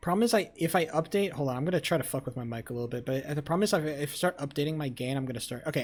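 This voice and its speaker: A livestreamer in a blunt, profane chat with viewers on a low-set desk mic at a home setup. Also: rapid-fire, hardly any pauses. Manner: flares into loud yelling rants. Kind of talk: casual live-stream chat. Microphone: desk microphone, sounds low.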